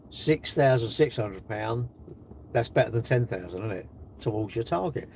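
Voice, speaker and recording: A man's voice: medium pitch, vocal fry, slight background noise. Sarcastic British man on a live stream. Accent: British English. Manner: sarcastic, mocking and lively. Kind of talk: live stream, reading and answering comments. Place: in a car while charging it.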